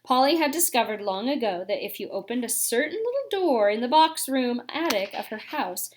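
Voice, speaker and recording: A woman reading a children's novel aloud, with expressive phrasing and the odd casual aside. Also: fairly high pitch, normal speed, a little hiss or hum. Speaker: narrator.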